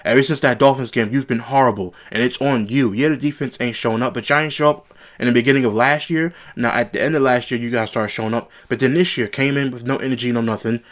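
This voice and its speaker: A man's voice: medium pitch, fairly even intonation, fast. A man giving a casual, frustrated sports reaction, often repeating himself as he gets worked up. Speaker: sports commentary vlogger.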